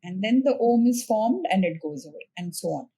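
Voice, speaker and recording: Gentle husky woman explaining meditation. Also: medium pitch, expressive. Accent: Indian English. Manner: gentle, patient, slows down on instructions. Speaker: spiritual teacher, podcast guest. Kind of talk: calm explanatory conversation.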